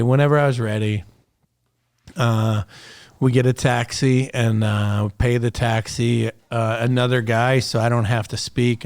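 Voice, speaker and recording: A man's voice: fairly low pitch, a little mellow, no echo. A middle-aged man from the United States, a podcast guest telling war stories in a casual, profane, rambling way with many fillers. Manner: profane, laid-back storytelling with lots of fillers. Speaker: podcast guest, retired special operations soldier. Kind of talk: casual storytelling interview.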